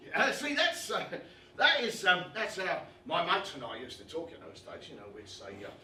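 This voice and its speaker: Bloke playing a chatty boxing commentator, high lively voice, roomy stage sound. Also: male voice, normal speed, slight background noise, exaggerated voice. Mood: chummy. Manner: animated, chummy, addresses the audience directly. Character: brash, chatty British male boxing commentator. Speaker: stage performer. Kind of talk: one-man stage comedy monologue. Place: theatre stage with a live audience. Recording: roomy live stage recording from far off.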